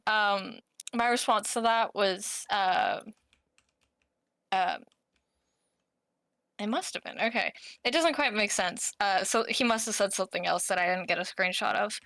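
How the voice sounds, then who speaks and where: A woman's voice: mid-range voice, unhurried, long pauses, fairly bright tone, no room sound, clean studio sound. A woman co-hosting a podcast, telling a story in casual chat, giggling often as she reads out old messages. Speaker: podcast co-host.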